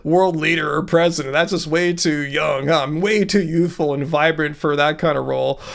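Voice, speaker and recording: A middle-aged man hosts a casual livestream, reading viewer comments aloud and answering them in a joking, teasing manner. His voice is a little high, a little slow, and gravelly.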